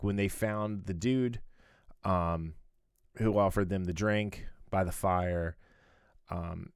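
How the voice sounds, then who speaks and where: In a dry, clean studio recording, a man with a deep, smooth voice co-hosts a podcast. The chat is casual and rambling, full of fillers and restarts, and he laughs often.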